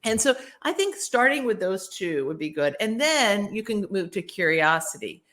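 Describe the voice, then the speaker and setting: A woman as a podcast guest giving casual, animated advice and acting out example phrases. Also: medium pitch, normal speed. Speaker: podcast guest, workplace author.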